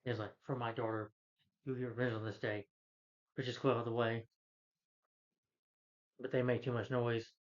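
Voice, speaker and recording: A film reviewer gives a casual, rambling plot recap of a movie, full of fillers and restarted sentences, quoting characters without changing his own voice. His pitch is mid-range for a man, his delivery flat, and his pace moderate with long pauses. The audio is somewhat dull and lo-fi.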